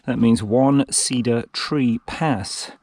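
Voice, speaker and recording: A man's voice: mid-range voice, steady tone, slow pace, darkish tone, no echo. A man narrating his trail run in a casual, self-mocking vlog, talking to himself out on a mountain trail. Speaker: trail-running vlogger.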